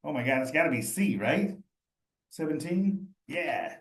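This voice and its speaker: Leading a live study session, this cheese instructor talks at a measured pace in a high-leaning, very animated voice. He thinks out loud and speaks straight to his students, chatty and encouraging, in a room with noticeable echo.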